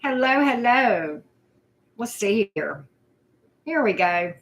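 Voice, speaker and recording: A woman's voice: fairly high pitch, sing-song, slow. A woman, hosting a casual live chat, greeting viewers by name in a loose, self-deprecating way. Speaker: livestream host.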